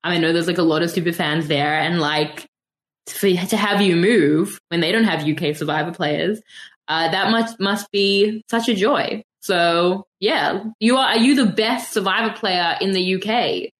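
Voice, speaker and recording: A woman's voice: lowish voice, a little slow. A woman hosting a podcast in casual chat, with a playful, teasing way of talking. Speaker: podcast host.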